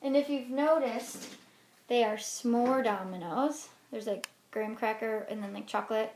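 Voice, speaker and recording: A woman teacher reading a children's book aloud in an expressive way, then explaining class activities. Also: on the high side, moderate pace. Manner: expressive storybook reading with lively swings. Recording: roomy echo with faint noise.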